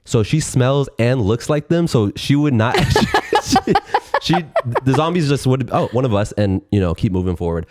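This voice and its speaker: A podcast co-host chats casually, joking and laughing often, in a medium-pitched, slightly mellow voice with lively intonation. He speaks at a moderate pace, and the sound is dry and clean, studio-recorded.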